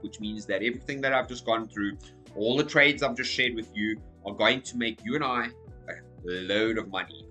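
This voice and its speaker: Man, hoarse croaky voice, casual crypto commentary, bright tone, mid pitch. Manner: energetic, repeats okay and so as you can see. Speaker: crypto YouTuber.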